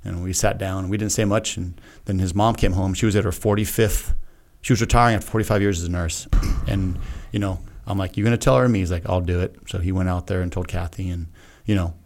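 A middle-aged man with a somewhat low voice tells a personal story as a podcast guest. He talks casually and frankly, with an earnest tone. He slips into quoting what he said back then. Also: steady tone, fast, hardly any pauses, a little mellow. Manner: earnest, frank, acts out his own past remarks. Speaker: podcast guest, retired Navy SEAL.

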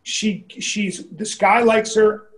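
A man's voice: high-pitched, steady tone, takes it slowly. A man telling stories in casual talk, profane and rambling, acting out what people said. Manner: profane, rambling storyteller who acts out quotes. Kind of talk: casual storytelling chat. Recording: roomy echo.

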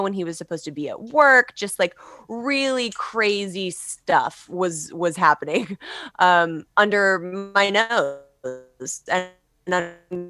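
A woman's voice: on the low side, fairly bright tone, dry recording. A woman from Los Angeles, a guest author on a casual podcast, chatty and candid, swearing and laughing often. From Los Angeles, USA.

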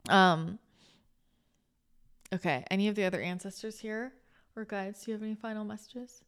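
A woman hosting a spiritual podcast, chatting casually in a rambling, animated way, full of restarts, laughter and casual swearing. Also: mid-range voice, moderate pace, clear, resonant tone. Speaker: spiritual channeler and podcast host.

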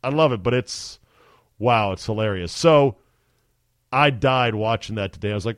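A man's voice: mid-range voice, very animated, normal speed, dry recording. A man hosting a podcast, talking casually and enthusiastically into a studio mic. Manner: chatty, enthusiastic, emphatic. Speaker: podcast host. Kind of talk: casual chat.

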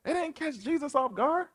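A man preaching a sermon in an animated, colloquial, playful way. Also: very high-pitched. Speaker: pastor.

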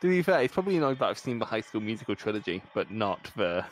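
A man's voice: on the low side, very animated, quick pace, a little hiss or hum. Wry man co-hosting. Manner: wry, teasing banter. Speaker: podcast co-host. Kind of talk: casual watchalong chat.

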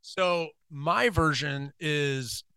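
A man's voice: fairly high pitch, drawn-out words, pushed and bright, clean tone, no room sound. A man in his forties hosting a podcast, chatting loosely with a guest, swearing freely and laughing often. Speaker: podcast host. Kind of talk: casual chat.

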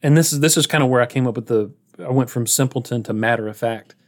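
Chuckling, rambling podcast host. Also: male voice, mid-range voice, fast talker. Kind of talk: casual chat.

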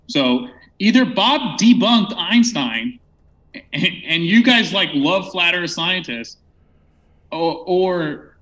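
A man's voice: fairly high pitch, pushed and bright, low-quality recording. A man who is a guest on a debate show, speaking casually with an incredulous, mocking manner.

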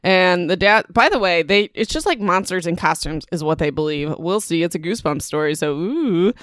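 A woman's voice: lowish voice, lively intonation, normal speed, fairly bright tone, dry recording, studio quality. A woman podcast host casually recapping a book, chatty and full of asides. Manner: chatty, lots of fillers and asides.

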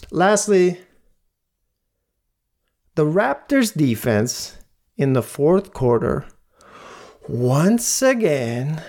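A male podcast host breaks down a basketball game on his own. He is animated and repeats lines to drive his points home. His delivery is unhurried and drawn out. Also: medium pitch. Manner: animated, repeats lines for emphasis, mock voices. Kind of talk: solo sports podcast commentary.

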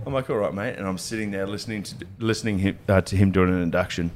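A man's voice: deep voice, steady tone, fast, darkish tone, slight background noise. Worked-up swearing Australian man. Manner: heated, swearing storyteller. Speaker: podcast guest. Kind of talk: casual pub chat. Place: pub.

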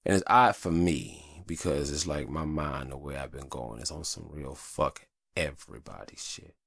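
A man's voice: extremely low pitch, moderate pace, vocal fry, fairly bright tone, no room sound, clean studio sound. A man hosting a podcast, venting in a heated, profane casual monologue. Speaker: podcast host.

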